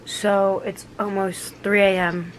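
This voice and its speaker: A woman's voice: medium pitch, level tone, takes it slowly, a little hiss or hum. A woman of twenty-one chatting to camera as a vlogger, rambling and correcting herself as she goes. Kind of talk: casual chat to camera.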